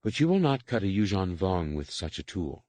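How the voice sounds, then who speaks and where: A man's voice: low-pitched, big pitch swings, a little mellow, no echo. A man voicing a stern, clipped overseer woman. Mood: stern, instructing. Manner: clipped, commanding, measured. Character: stern female alien slave overseer, curt. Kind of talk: audiobook character reading.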